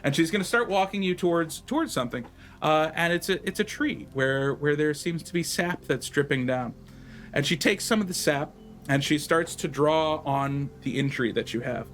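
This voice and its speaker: A man narrating as game master, rambling with halting restarts. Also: on the high side, a bit bright, soft background music.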